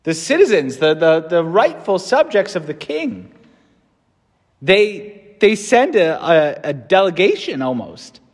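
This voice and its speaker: In a church with long, echoing reverb, a Catholic priest from the United States delivers a conversational homily full of fillers and restarts. He speaks at a measured pace in a high-pitched voice with big pitch swings.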